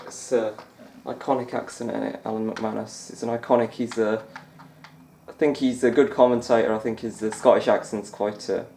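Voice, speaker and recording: A man's voice: lowish voice, steady tone, moderate pace, gravelly, warm tone, echoey room, slight background noise. A young man chatting casually over a snooker game as a gaming YouTuber, rambling and laughing often. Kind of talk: let's-play commentary.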